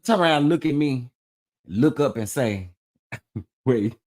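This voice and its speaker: A man's voice: mid-range voice, takes it slowly. A man hosting a casual gossip chat, telling stories to his viewers with lots of laughing and exclaiming. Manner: animated storytelling, laughing and exclaiming. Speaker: host of a gossip chat show.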